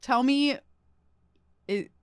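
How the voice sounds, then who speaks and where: A woman's voice: sits high, smooth, dry recording. A young woman from Long Island, a comedian guest chatting playfully and laughing easily on a podcast. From Long Island, New York. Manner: animated, playful, quick to laugh. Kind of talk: casual comedy chat.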